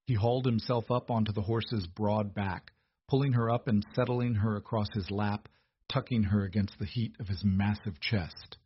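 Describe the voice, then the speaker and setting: A man narrating a romance novel in a steady, measured delivery. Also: on the low side, a little hiss or hum. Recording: dull, dry lo-fi recording.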